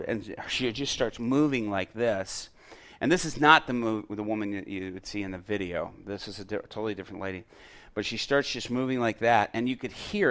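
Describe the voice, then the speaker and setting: A middle-aged man preaching, his voice sitting a little low. He tells a story in sermon style, acts out the dialogue, and rises loud and animated at the big moments. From Chicago area. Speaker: pastor.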